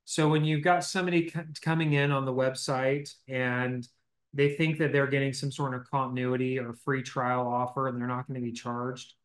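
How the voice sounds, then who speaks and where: A man co-hosting a podcast, explaining legal compliance in a casual, joking way with false starts. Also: medium pitch. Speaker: legal compliance expert, co-host.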